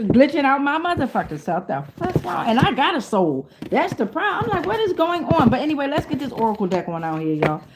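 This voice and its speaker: Woman, higher voice, tarot vlogger; loose and profane, laughs easily. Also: noisy background. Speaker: tarot reader. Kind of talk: casual tarot reading vlog.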